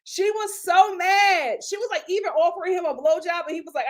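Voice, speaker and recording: A woman hosting a live review of a reality TV show, gossipy and animated, laughing often as she talks. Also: very high voice, brisk, hardly any pauses, rough recording. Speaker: TV show reviewer, channel host.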